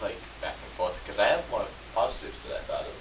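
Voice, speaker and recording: A man's voice: deep voice, big pitch swings, background noise. A man co-hosting a casual film review, joking and laughing as he talks. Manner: joking, laughing, tries quick impressions. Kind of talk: casual chat. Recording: echoey room, far from mic, dull lo-fi.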